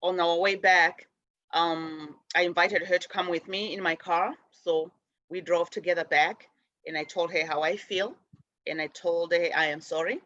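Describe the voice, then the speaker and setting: A middle-aged woman gives a gentle spiritual talk, wandering from thought to thought and circling back with fillers and restarts. The sound is dry and close, a little dull and lo-fi. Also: on the low side, fairly even intonation, normal speed, dry recording. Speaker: spiritual show host. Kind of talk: casual spiritual teaching.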